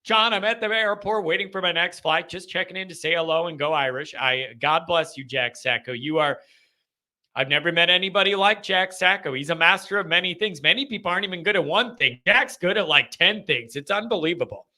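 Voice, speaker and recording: A young man hosting a live call-in fan show, ranting and joking in an animated way. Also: high-pitched, a little fast.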